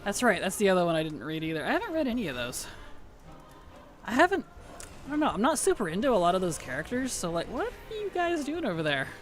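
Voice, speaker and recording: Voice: medium pitch, wildly swooping pitch, quick pace, soft background music. A streamer chatting casually while playing, laughing often and answering questions from chat.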